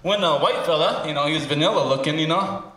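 A man's voice: on the high side, fast. A man performing a stand-up comedy set on a theater stage, chatty and laughing through his punchlines on a handheld mic. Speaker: stand-up comic. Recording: echoey theater, loud background noise.

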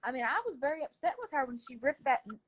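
Woman, high voice, defensive and repetitive, live video chat. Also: expressive, fast talker, lo-fi sound. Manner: defensive, repetitive storytelling, cusses. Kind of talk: casual heated chat.

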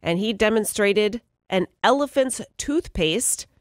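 Female co-host, mid-pitched, reads entertainment news with easy laughs, close dry studio mic. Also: animated, measured pace, dry recording. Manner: bright, laughs often while reading stories. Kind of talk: morning radio news and banter. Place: radio studio.

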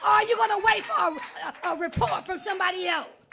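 A woman's voice: extremely high pitch, fairly quick, gravelly, few pauses, sharp tone. A woman preacher delivering an impassioned sermon, driving home her points with repeated rhetorical questions. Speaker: guest preacher.

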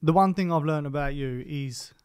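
A man's voice: fairly high pitch, normal speed, smooth. A man hosting a casual podcast chat, mostly giving short agreements and praising his guest. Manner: brief agreeing interjections, warm praise of guest. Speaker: podcast host.

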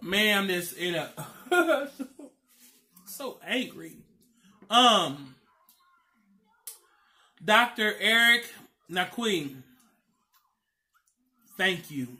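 Man, mukbang chat, emotional storytelling, slow, very bright tone. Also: fairly high pitch. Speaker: mukbang vlogger. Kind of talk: casual chat over a meal.

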